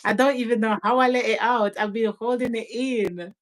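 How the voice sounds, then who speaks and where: A woman talking in an unhurried, casual chat, laughing now and then and dropping in patois phrases. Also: on the high side, steady tone, poor audio. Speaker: guest parent.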